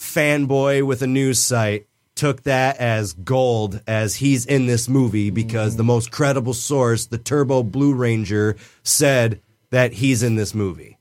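A man co-hosting a casual podcast chat, excited and insistent, repeating himself to make his point. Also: mid-range voice, measured pace. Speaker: podcast co-host.

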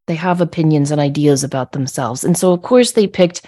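A middle-aged woman with a fairly low voice tells a personal story on a podcast. Her tone stays conversational and animated, and she acts out her own outbursts with a laugh. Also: brisk. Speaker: podcast host.

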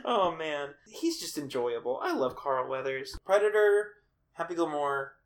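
A podcast co-host chatting casually about a cartoon special. The voice swings widely in pitch, full of animated jokes and quick tangents. Playful throughout.

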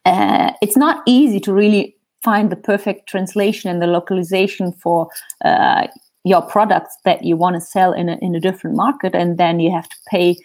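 A woman speaking as an interview guest on digital marketing, talking thoughtfully and pausing to search for words. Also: on the low side, fairly even intonation, a little mellow. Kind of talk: casual interview chat.

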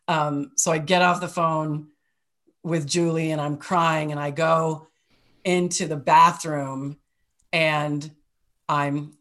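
A woman's voice: sits low, fairly even intonation, slow pace, fairly bright tone. A middle-aged woman co-hosting a podcast, telling personal stories in a casual, emotional way, often laughing and swearing lightly. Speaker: podcast co-host. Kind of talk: casual storytelling chat.

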